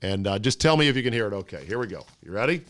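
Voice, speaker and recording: Lively man hosting a sports podcast. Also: fairly low pitch, racing, no echo. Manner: animated storyteller, fiddly with gear. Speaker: sports talk podcast host. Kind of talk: casual podcast chat. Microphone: studio mic.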